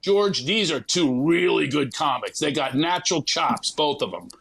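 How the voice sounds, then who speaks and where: A man, a guest comedian, telling an animated, profane comic story and acting out the people in it. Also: on the high side, normal speed, vocal fry, over a noisy crowd. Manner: acts out others in quoted voices, profane.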